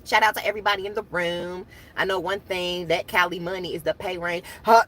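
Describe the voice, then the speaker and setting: A woman's voice: mid-range voice, normal speed, few pauses. A woman hosting her own channel, chatting casually and animatedly to viewers, laughing often. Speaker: channel host.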